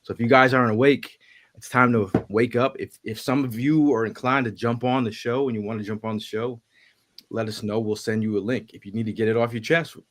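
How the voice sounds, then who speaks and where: A man hosting a casual live sports podcast, upbeat and building hype, often repeating his words. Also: mid-range voice. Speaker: podcast host.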